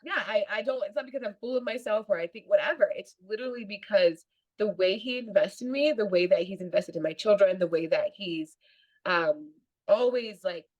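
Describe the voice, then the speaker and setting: A woman's voice: mid-range voice, brisk, muffled recording. A woman guesting on a podcast, telling stories in a chatty, casual way and laughing often. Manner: chatty storytelling with frequent laughter. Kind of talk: casual interview chat.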